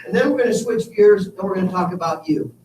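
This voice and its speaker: A man giving an energetic motivational talk to a live audience, telling stories and speaking to them directly. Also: high-pitched, quick pace. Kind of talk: live keynote talk with slides. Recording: echoey hall from far off with faint room noise.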